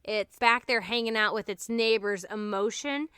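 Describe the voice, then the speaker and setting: A woman's voice: mid-range voice, fairly even intonation, normal speed, pushed and bright, smooth, no room sound, clean studio sound. A woman co-hosting a casual comedy podcast, playful and jokey, laughing often and swearing freely. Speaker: podcast co-host.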